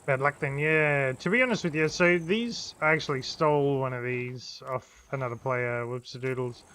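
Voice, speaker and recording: Excitable swearing gamer man. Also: mid-range voice, moderate pace. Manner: swears freely, talks to himself, excitable. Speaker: game streamer. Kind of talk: live gameplay commentary. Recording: faint background noise.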